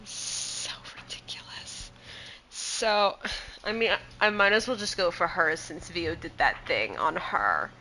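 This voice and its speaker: A woman's voice: on the low side, a little slow, a little hiss or hum. A woman playing a tabletop game, chatting casually with frequent giggles. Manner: giggly, animated. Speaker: player.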